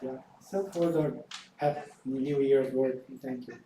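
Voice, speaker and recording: Dark-voiced man presiding, distant and echoey. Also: mid-range voice, a little hiss or hum. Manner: slow, calling on members by name. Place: temple hall. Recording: echoey hall, mic far off.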